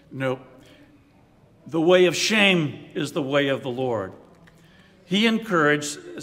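An older man, a priest, giving an unscripted retreat talk in a conversational, reflective way, pausing on fillers and chuckling softly. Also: on the high side. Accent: American Southern. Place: large conference hall. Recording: long-reverb hall.

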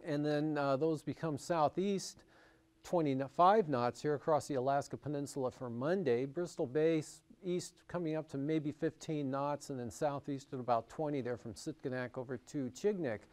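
A man's voice: on the high side, moderate pace, a little mellow. Man giving a marine weather forecast. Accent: American. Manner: unscripted marine forecast with frequent uh fillers. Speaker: meteorologist presenting a weather forecast.

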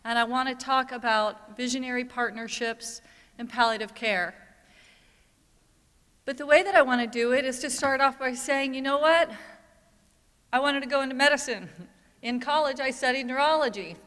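A woman's voice: sits high, moderate pace, long pauses, fairly bright tone. A woman giving a candid, conversational conference talk, telling a personal story to an audience. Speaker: conference speaker, parent advocate. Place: conference hall. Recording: long reverb from a large hall.

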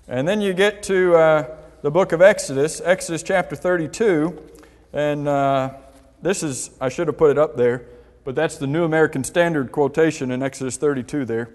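A man's voice: on the high side, normal speed, a little mellow. A man teaching a church Bible class, asking the class questions and reading scripture aloud. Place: church hall. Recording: long hall reverb.

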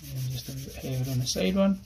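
A man with an Irish accent explaining a pencil drawing step by step as he works, relaxed and thinking aloud. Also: mid-range voice, fast talker, noisy background. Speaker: art teacher. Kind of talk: drawing tutorial narration.

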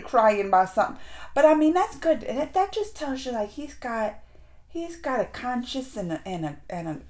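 A woman giving a casual, emotional reaction review of a TV series, rambling with many restarts and swinging between hushed and loud. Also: fairly high pitch. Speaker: show reviewer.

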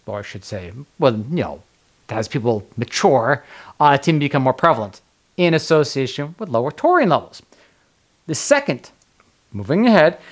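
Animated man reading a study aloud. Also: on the high side. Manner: reads quotes aloud, then adds asides with fillers. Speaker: health show host.

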